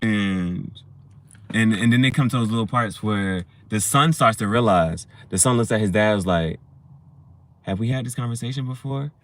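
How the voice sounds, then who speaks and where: A man's voice: on the low side, normal speed, a bit bright. A man casually reviewing a movie, rambling through scenes with plenty of swearing and laughter. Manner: rambling, profane, laughs while retelling scenes.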